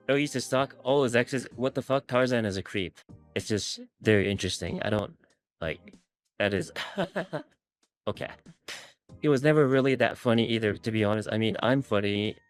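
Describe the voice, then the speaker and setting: A man streamer reading posts aloud and reacting in a casual, wry way with some swearing. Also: mid-range voice.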